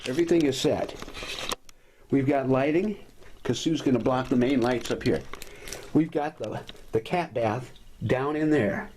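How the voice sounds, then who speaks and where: A man hosting a casual home video, chatting to viewers as folks and talking softly to his cat, filmed on a camera held by his wife. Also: mid-range voice, measured pace, long pauses, a little hiss or hum. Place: at home, partly in sunlight.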